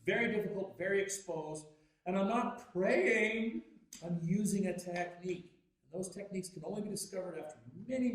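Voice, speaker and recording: A Canadian man giving a lively, jokey workshop talk on music and practice, telling stories and acting out voices. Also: slight background noise. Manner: animated, jokey, acts out voices with big pitch jumps. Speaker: guest teacher at a music workshop. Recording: very echoey hall, distant mic.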